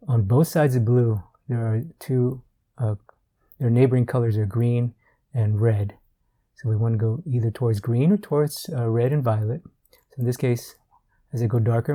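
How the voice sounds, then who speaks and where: A man giving a relaxed art tutorial while he works, thinking aloud with fillers and repeated words. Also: mid-range voice. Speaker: art instructor.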